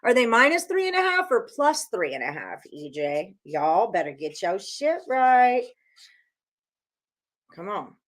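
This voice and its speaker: A woman hosts a sports betting live stream, chatting casually and a bit profanely as she reads out viewers' picks and writes them on a whiteboard. Her medium-pitched voice swings widely in pitch and stays unhurried.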